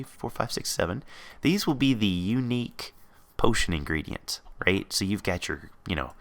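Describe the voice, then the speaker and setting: A man's voice: fairly low pitch, a bit bright. A man hosting a let's play, chatting casually and thinking aloud as he builds. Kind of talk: casual gameplay commentary.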